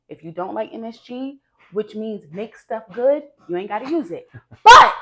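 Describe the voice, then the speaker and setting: A woman hosting her own cooking vlog, talking straight to viewers in a lively, emphatic and chatty way, with slangy asides. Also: mid-range voice. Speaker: cooking show host.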